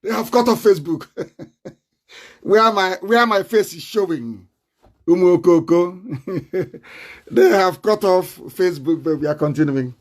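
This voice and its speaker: A man with a Nigerian accent giving a combative live online broadcast, laughing often and breaking into shouts. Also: high-pitched, a little slow, pauses often.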